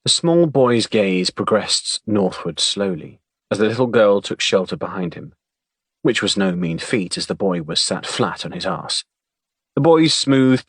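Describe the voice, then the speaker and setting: Male audiobook narrator, low, wry, dry studio sound. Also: a bit bright, husky, no echo. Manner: measured, wry storytelling.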